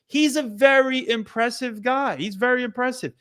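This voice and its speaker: A man co-hosting a sports talk show, answering questions in a measured way and backing his points with stats. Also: very high-pitched, fairly bright tone, smooth. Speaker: podcast co-host.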